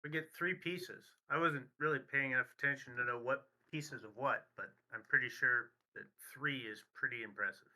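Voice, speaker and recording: A man's voice: mid-range voice, normal speed, hardly any pauses, bright, forceful tone, rough recording. A man playing a tabletop game, easygoing and offhand. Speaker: player. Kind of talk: casual chat.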